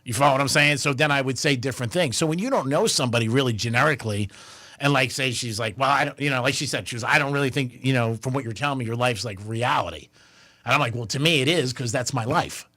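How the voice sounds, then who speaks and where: A male radio host who tells stories in lively, casual banter and laughs often. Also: mid-range voice, quick pace. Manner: animated storyteller, laughs often.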